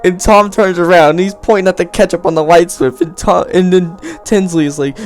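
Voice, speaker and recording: A man's voice: high voice, steady tone, a little fast, faint music behind. A young man telling a crude, rambling comedic story and laughing as he goes.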